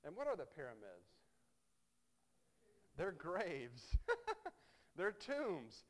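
A pastor delivers a sermon in a wry, conversational style, frequently dropping in "right?" He swings between quiet, low reflection and loud, animated emphasis.

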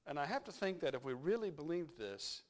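A male pastor giving a conversational sermon, reflective and unhurried, thinking aloud as he goes. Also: on the high side, very animated.

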